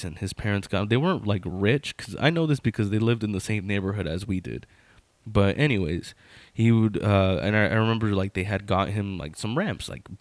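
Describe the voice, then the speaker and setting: A man's voice: on the low side, no echo. A man in his thirties telling a childhood story in a casual, rambling way, full of fillers and restarts.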